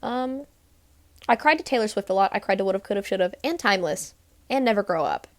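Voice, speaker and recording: A woman's voice: mid-range voice, lively intonation, fairly quick, dry recording. A woman from Texas talking casually to camera in a rambling vlog recap, full of "like" and "um". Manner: rambling, lots of "like" and "um". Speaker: vlogger.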